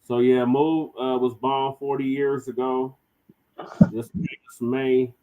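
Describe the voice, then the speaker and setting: A man hosting a podcast in casual chat, unhurried and repeating himself as he goes. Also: mid-range voice, little pitch movement, mellow. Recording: slightly dull, muffled sound.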